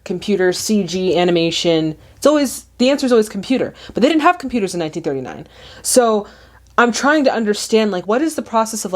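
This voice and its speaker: A woman hosting a movie reaction, talking in an animated, chatty way, often exclaiming at what she sees. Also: medium pitch.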